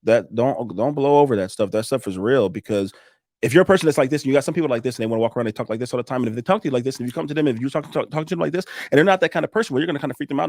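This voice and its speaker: A man guesting on a podcast, talking in a lively coaching way with frequent restarts and laughs. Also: medium pitch, very fast, no echo, studio quality. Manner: animated, coaching tone, laughs often, restarts sentences. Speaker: podcast guest, roofing business owner. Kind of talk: casual podcast chat.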